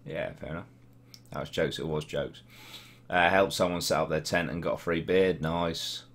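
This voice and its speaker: A young man with a Norwich accent and a low, deep voice chats on a live stream. He reads out viewers' comments in laddish banter and swears freely. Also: fairly even intonation, normal speed, fairly bright tone. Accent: English, Norwich. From Norwich, England. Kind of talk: casual live-stream chat reading comments.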